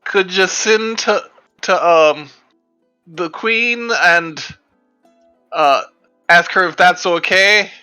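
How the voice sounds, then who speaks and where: High-voiced male player. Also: sharp tone, clean tone, soft background music, low-quality recording. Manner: slow, hesitant asking with fillers. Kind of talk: casual game table chat.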